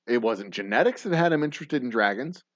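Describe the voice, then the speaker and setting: A man's voice: mid-range voice, lively intonation, quick pace, dry recording. Rambling profane man in his forties. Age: 40s. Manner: rambling and profane, many restarts. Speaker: podcast host. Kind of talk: casual chat with live viewers. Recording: dull dry lo-fi sound.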